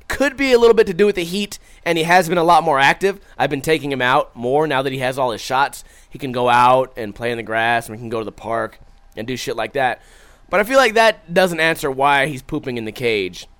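Young male streamer, loose profane chat, lively swoops, slightly high voice. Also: clear, resonant tone. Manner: profane, animated, acts out his own stories. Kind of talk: casual chat reading viewer comments.

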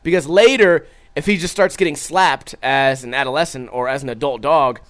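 A young man on a stream keeps the chat casual and profane, reading viewer comments and animatedly acting out stories of his own. His voice is mid-range, and he talks at a normal speed.

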